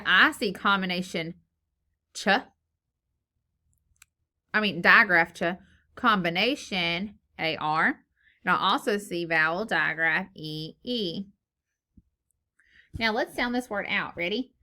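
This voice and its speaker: A woman teacher leading a phonics lesson for young children, slow and encouraging, sounding out words syllable by syllable. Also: on the low side, sharp tone. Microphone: recorded lesson video.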